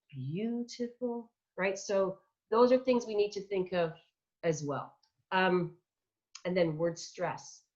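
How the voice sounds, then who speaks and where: A middle-aged woman giving a vocal masterclass, chatty and demonstrative, who sounds out example words as she explains. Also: on the low side. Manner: chatty, warm teaching asides. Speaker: vocal coach. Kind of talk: online masterclass teaching. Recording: dull lo-fi online audio.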